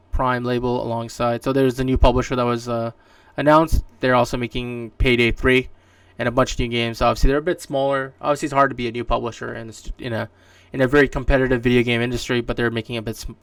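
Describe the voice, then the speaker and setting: Here a man from Canada runs a solo podcast, chatting loosely about gaming news, often restarting and leaning on fillers. His voice is mid-range and level, a bit fast, with hardly any pauses. The tone is clean and the recording dry, captured by a distant mic in a dry room.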